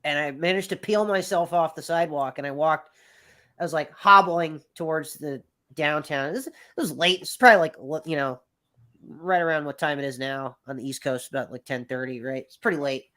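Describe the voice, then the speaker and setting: A man's voice: on the high side, a little fast, bright, forceful tone. Rambling, swearing man in his thirties. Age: 30s. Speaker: podcast guest. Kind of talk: casual storytelling.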